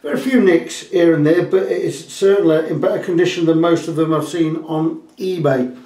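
In a roomy, echoey indoor guitar workshop, a luthier and guitar repairer talks casually and plainly for a video, rambling a bit with fillers. His voice is a little high, steady, warm, and fairly quick.

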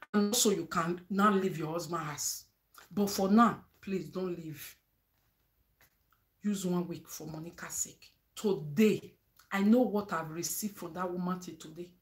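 A woman's voice: fairly low pitch, a little slow, a little mellow. A woman with a Nigerian accent giving advice straight to her viewers, emphatic and preachy, mixing Pidgin with English. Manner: emphatic, preachy, asks "eh?" for agreement. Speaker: vlogger. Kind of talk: advice monologue.

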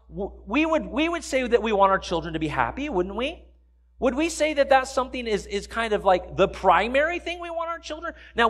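A man's voice: sits high, fairly bright tone. A man preaching a sermon in a church, talking in a conversational way and putting questions to the congregation. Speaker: pastor. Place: church sanctuary.

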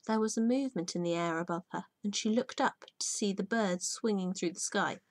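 Teacher reading a children's storybook. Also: female voice, mid-range voice, a little fast, no room sound. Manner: soft storybook reading, often hushed. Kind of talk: reading a children's book aloud.

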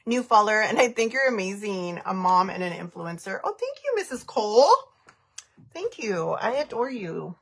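A woman's voice: mid-range voice, expressive, normal speed, breathy edge. A woman in her thirties chatting casually on a makeup livestream, giggling often and reading viewer comments aloud. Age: 30s.

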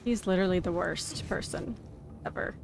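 A woman streaming a video game live, cursing at her companions and laughing, sometimes shouting in panic. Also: on the low side, normal speed, creaky, music in the background. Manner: swearing, exasperated, laughing; shouts in panic at tense moments. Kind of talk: live gameplay commentary.

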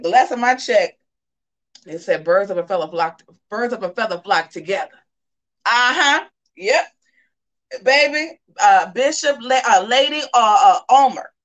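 Sassy, animated woman gossip host. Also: mid-range voice. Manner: animated, sassy, with drawn-out asides to viewers. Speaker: host of a live gossip show. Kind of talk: casual live commentary.

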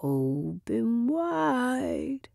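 A woman's voice: on the high side, sing-song, extremely slow, creaky, darkish tone, no room sound, voice pushed up, heavily acted. A woman voicing a smug, cruel male gambler who taunts in a sing-song way, read in a dry room. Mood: taunting. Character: smug cruel man, cigar-chomping gambler boss.

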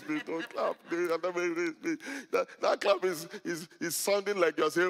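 Middle-aged guy preaching, jokey storytelling then loud emphatic bits, big church hall echo. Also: on the high side, animated, fairly quick, few pauses. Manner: storytelling, joking, rising to loud emphatic peaks. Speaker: pastor. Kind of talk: sermon. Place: church hall before a congregation. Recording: long hall reverb.

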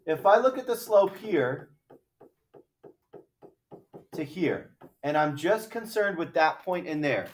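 A man's voice: fairly high pitch, animated, takes it slowly, long pauses, a little hiss or hum. Man lecturing in an echoey classroom. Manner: explanatory, asks rhetorical questions with frequent "right?". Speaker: math teacher. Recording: echoey room from far off the mic.

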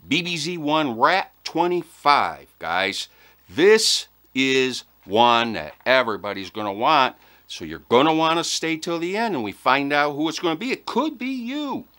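A man's voice: mid-range voice, bright, forceful tone. A man hosting a weekly giveaway vlog, talking to viewers in a playful, enthusiastic, joking way. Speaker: host of a fishing channel giveaway. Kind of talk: upbeat casual vlog address to viewers.

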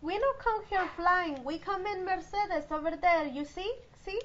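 A woman's voice: very high-pitched, moderate pace, a bit bright. A woman playing a pushy counselor speaking broken English. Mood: smug. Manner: broken English with Spanish words. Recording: lo-fi film audio with background noise.

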